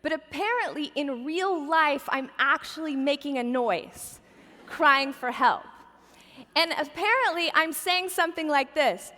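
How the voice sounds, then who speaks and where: A woman in her forties with a high voice tells a funny personal story to a church crowd. Her tone is bright, chatty and self-deprecating. A long reverb from the big auditorium trails each phrase. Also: animated, a little slow. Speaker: guest speaker at a church Christmas event. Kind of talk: humorous personal storytelling message.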